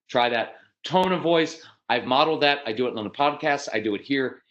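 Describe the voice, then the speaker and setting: A middle-aged American man speaks at a live parenting workshop. His delivery is direct and matter-of-fact, and he breaks into lively acted voices of parents and children to make his points. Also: medium pitch, low-quality recording. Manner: animated, acts out parents and kids in quick voices.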